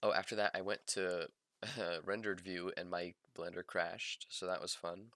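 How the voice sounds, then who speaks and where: A man's voice: deep voice, level tone, moderate pace, pushed and bright, no room sound. A young man casually narrating his own project in voice-over, rambling with lots of ums and restarts and poking fun at himself. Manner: self-mocking, laid-back. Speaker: student documenting his 3D modeling project.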